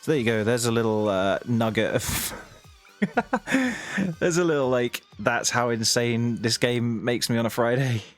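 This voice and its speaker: A man's voice: medium pitch, expressive, a little slow, soft background music. A young British man chatting casually to his viewers on a live stream, rambling and laughing often.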